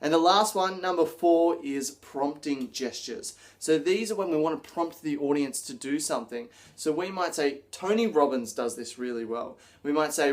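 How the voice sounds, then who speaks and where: A man coaching public speaking straight to camera, energetic, acting out gestures as he explains them. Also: fairly high pitch, moderate pace, few pauses. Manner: energetic, demonstrates gestures while talking. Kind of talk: direct-to-camera teaching video.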